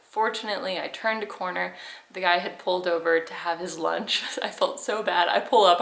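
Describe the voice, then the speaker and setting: A woman's voice: mid-range voice, normal speed, gravelly, a bit bright. A young woman vlogger telling a story in a chatty, rambling way and laughing often. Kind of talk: casual storytelling to camera. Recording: echoey room.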